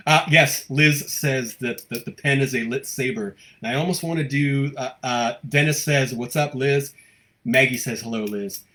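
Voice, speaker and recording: A man with an American accent hosts a live stream from home, greeting viewers and reading their comments out loud. He talks quickly and stays upbeat and gushing, and his voice sits at a middle pitch. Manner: fast-talking, upbeat, gushing. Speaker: host of a local live show.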